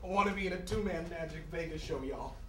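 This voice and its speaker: A man's voice: fairly high pitch, fast, pushed and bright, slight background noise. A man playing a laid-back, boastful hip hop star with slangy swagger, recorded on an echoey stage from a distance.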